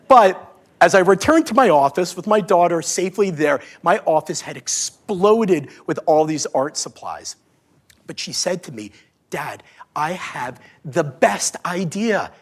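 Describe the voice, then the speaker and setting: A man in his forties giving a talk on stage, telling a story in a playful, animated way with self-mocking humor. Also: on the high side. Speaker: speaker at a live talk event. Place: stage before a live audience.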